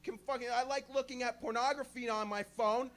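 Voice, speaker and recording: A man doing a crude, rambling stand-up set, joking about being high. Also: steady tone, fairly quick, a bit bright. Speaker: stand-up comedian. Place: small club stage with a live audience.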